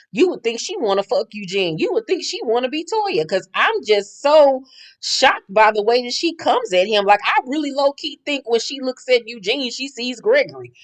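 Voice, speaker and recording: A woman giving a casual, gossipy, profane recap of a reality show, blunt and sassy in her opinions. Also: fairly high pitch.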